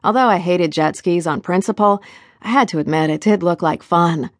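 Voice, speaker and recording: A woman's voice: fairly low pitch, normal speed, no echo. A woman narrating a first-person novel in a wry, conversational way, recorded on a close studio mic. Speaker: audiobook narrator.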